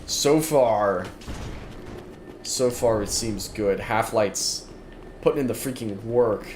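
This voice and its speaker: A tired, yawning gaming streamer with a lowish voice chats slowly and self-deprecatingly as he plays, repeating his phrases. It's casual let's-play commentary from a room at his desk with monitors, recorded with roomy sound and background noise.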